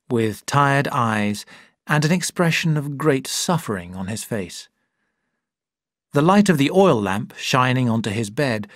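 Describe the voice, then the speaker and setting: A male narrator reads a story slowly and deliberately for learners. His pitch moves a lot through each sentence. The recording is close and dry. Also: dry recording. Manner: clear, deliberate reading.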